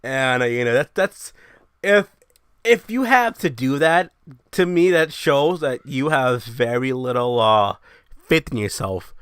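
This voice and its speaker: A young man hosting his own show, ranting in a brash, profane, animated way. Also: medium pitch, unhurried, smooth, no echo. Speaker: show host. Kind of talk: casual ranting monologue.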